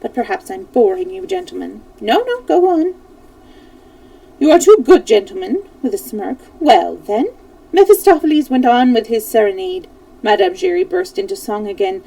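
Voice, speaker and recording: A woman reads a story aloud in a warm, mellow voice with a gravelly edge, her pitch sitting a touch high. She performs it expressively, now and then tripping over names, and she sounds set back from the microphone. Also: big pitch swings, normal speed, no echo, distant mic, low-quality recording. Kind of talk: reading a novel aloud on a live stream.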